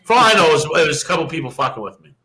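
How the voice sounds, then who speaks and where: A young adult man, a podcast co-host, telling a profane, animated story and acting out the quoted lines in casual chat. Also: a little high, very fast, a crowd in the background, poor audio.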